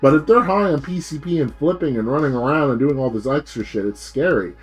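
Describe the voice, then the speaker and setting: A man's voice: fairly high pitch, a little fast, slightly rough. Male streamer, casual rant, rambling, loose fillers, cursing, faint music behind. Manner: rambling, full of fillers and swearing. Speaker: VTuber streamer.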